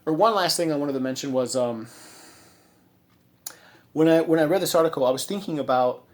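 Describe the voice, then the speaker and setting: A man's voice: a little high, a little fast, a little mellow. A man giving a casual commentary monologue as a vlogger, rambling with many fillers and restarts, and sounding indignant. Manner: indignant, ranting.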